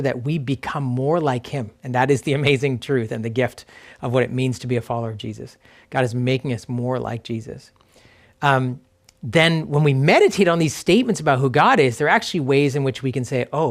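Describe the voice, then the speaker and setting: A man leading a church service as pastor, guiding a quiet reflection and reading scripture slowly with gentle pauses. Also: a little high. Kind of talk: reflective sermon with guided scripture meditation.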